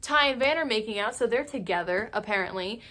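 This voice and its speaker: Young woman gushing thru a tv recap, lots of "like", laughs a bunch, mid-pitch voice. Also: fairly quick. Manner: animated and gossipy, peppered with "like" and laughter. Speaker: YouTube TV recap host. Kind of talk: casual, chatty episode recap.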